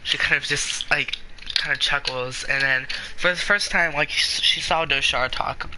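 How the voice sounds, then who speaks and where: A man's voice: fairly high pitch, a little slow, sharp tone, poor audio. A man narrating a tabletop role-play as game master, hesitant and full of fillers. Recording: background noise.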